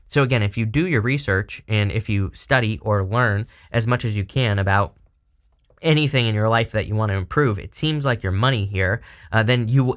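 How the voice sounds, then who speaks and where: A man's voice: mid-range voice, fairly bright tone. Man giving a meandering tarot reading. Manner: meandering, conversational, frequent asides to viewers. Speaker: tarot reader, channel host. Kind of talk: casual tarot reading to camera.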